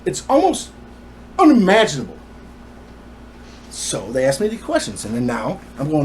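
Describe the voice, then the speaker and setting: A man ranting through a personal story with rapid asides. His voice is animated and swings widely in pitch, with a faint hiss of noise under it. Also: poor audio.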